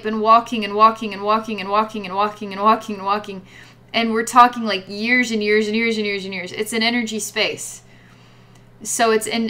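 A woman leads a guided psychic reading, talking to a client about energies and visions. She rambles, with many fillers and repeated words. Her voice sits at a middle pitch. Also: fairly bright tone. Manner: rambling, full of "like" and repetitions. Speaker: psychic reader.

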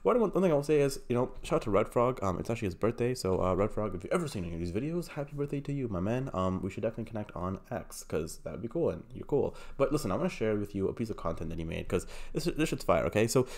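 Brash, hyped-up man with a lowish voice. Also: sing-song, rapid-fire, hardly any pauses, darkish tone. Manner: puts on an unnamed mock accent. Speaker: crypto channel host. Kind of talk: casual hype commentary.

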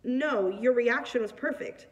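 A calm female stylist speaks reassuringly, as a woman reads her part aloud. The voice comes from a mic placed a bit away from the reader. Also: on the high side, measured pace, far from the mic, highs cut off, lightly acted.

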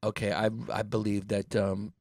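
A man co-hosting a comedy podcast, riffing crudely on listener names with mocking, loud delivery. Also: fairly low pitch, monotone, normal speed, dry recording, clean studio sound. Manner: crude, mocking, slips into put-on voices. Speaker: podcast co-host.

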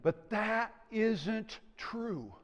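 A man preaching a sermon as pastor, animated and calling out to the congregation for responses. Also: high voice, extremely slow. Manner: animated preaching with audience call-outs. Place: church sanctuary. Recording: church hall with long reverb.

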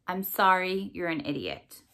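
A woman's voice: lowish voice, sing-song, a little slow, a bit bright, full character voice. A woman voicing a young girl who dictates grudging, sarcastic apology letters, in a storybook read-aloud.

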